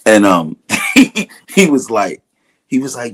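A man's voice: on the low side, slow pace, long pauses, breathy edge. A middle-aged man with a Brooklyn accent, a drummer telling stories as a guest, acting out quotes and laughing often. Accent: Brooklyn New York. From Brooklyn, New York. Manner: relaxed storyteller, acts out quotes, laughs often. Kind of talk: casual storytelling interview.

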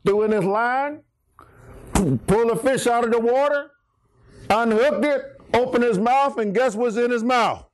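Preacher, male, high and unhurried, storytelling sermon with exclamations. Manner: animated storytelling with call-and-response exclamations.

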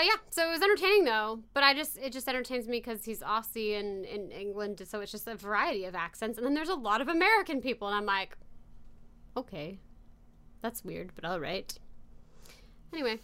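A woman co-hosting a podcast, chatting casually and rambling through animated stories. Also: on the high side, fairly quick, clear, resonant tone. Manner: animated storyteller, rambling, often says "anyway". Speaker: podcast co-host. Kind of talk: casual chat.

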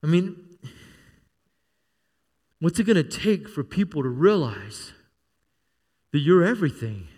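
Guy pastor preaching w/ jokes, kinda high voice, big reverby room. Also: big pitch swings, a little slow, long pauses, a little mellow, husky. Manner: storytelling with humor, calls for amen. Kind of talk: sermon.

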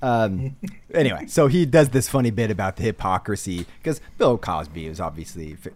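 A man's voice: on the low side, lively intonation, normal speed, a little mellow. A man hosting a podcast, talking casually and earnestly with some fillers. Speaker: podcast host. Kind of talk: casual chat.

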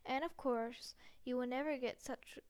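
A woman voicing an eerie, fussy elderly male wandmaker, speaking in a measured, softly insistent way in a storybook reading. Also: sits high, fairly even intonation, clear, resonant tone.

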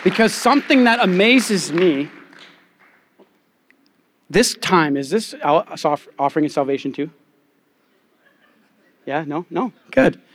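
Male pastor, young adult, conversational sermon, candid storytelling, slightly higher voice. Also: animated, takes it slowly, long pauses, a faint crowd.

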